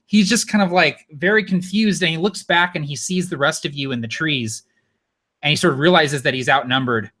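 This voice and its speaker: A man's voice: a little high, a little fast, bright, forceful tone. A man running a tabletop game as game master, narrating casually.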